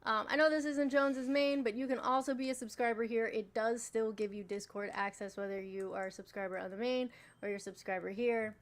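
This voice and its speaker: A woman's voice: fairly high pitch, steady tone, a little fast. Joking, bossy woman moderating a live stream. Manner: bossy, joking, swears freely. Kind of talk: casual live stream chat.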